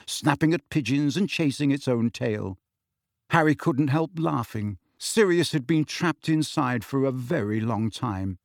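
A man giving expressive audiobook narration in a steady storytelling manner. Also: medium pitch, unhurried, dry recording, studio quality. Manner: steady storytelling with shifting character voices.

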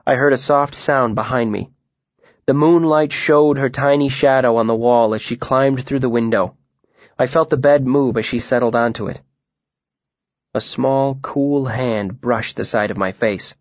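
Here a man reads an audiobook story in a hushed, thoughtful manner, neither rushing nor dragging. His pitch sits in the middle range, and the recording comes across dry and a little dull.

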